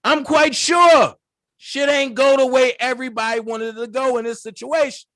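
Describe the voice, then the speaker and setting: A man with a very high, bright, forceful voice rants through a profane commentary stream. He sounds close to the mic in a dry room with no echo. He breaks into loud outbursts and mocking impressions. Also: steady tone, brisk. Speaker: political commentary channel host.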